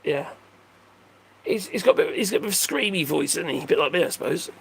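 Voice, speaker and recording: A man's voice: fairly high pitch, expressive, fast, vocal fry, a bit bright, breathy edge. An older man casually chatting on a livestream, rambling and joking as he answers viewer comments. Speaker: livestream host reading chat. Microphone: phone.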